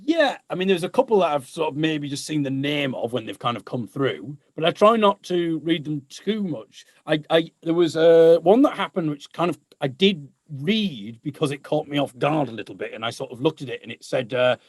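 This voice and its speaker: A man's voice: fairly high pitch, lively intonation, normal speed, hardly any pauses, no room sound, studio quality. A man, a guest musician chatting casually and laughing often at himself. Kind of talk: casual chat.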